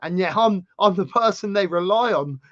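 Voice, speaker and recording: An English man with a sore throat, telling a travel story in casual chat as a channel host, animated and rambling. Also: moderate pace, dry recording, lo-fi sound. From England. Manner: chatty storyteller, animated swings in pitch and loudness.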